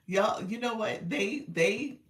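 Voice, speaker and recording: A woman's voice: mid-range voice, expressive, slow pace, recorded from a distance. A woman hosting a casual live stream, chatting with viewers, calling them y'all and laughing often. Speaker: live stream host and coach. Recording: echoey room, voice away from mic.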